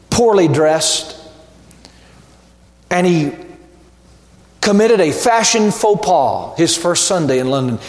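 A man preaching a sermon as pastor, slow and emphatic, building to ringing repeated refrains. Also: sits high, a little mellow, reverberant, in a large hall.

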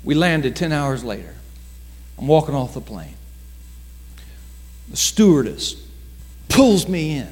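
Male pastor, animated storyteller, lots of pitch movement, long church-hall reverb. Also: slightly rough. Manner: dramatic storytelling with slowed emphasis and acted quotes. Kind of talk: sermon storytelling.

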